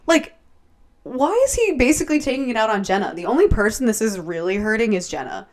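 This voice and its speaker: A young woman co-hosting a podcast in casual chat, animated and filling her talk with "like" and "yeah". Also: on the high side, fast talker. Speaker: podcast co-host.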